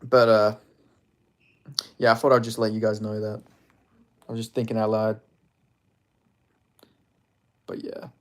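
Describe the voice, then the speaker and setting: A man's voice: lowish voice, level tone, measured pace, pauses often. A young man, chatting casually and crudely on a live stream, rambling with lots of fillers.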